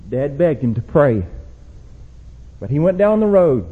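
Young preacher, husky and a bit high-voiced, building from hushed warnings to shouted calls, on a muffled old recording. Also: male voice, big pitch swings, normal speed, long pauses. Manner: rises to loud shouted exhortation, drops low and quiet. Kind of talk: sermon. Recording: dull lo-fi church recording.

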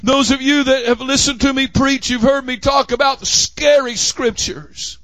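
A man with a Southern accent preaching a fiery sermon as pastor of his church, often shouting. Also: very high voice, steady tone, normal speed, dry recording. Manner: impassioned preaching, frequent shouting. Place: church sanctuary.

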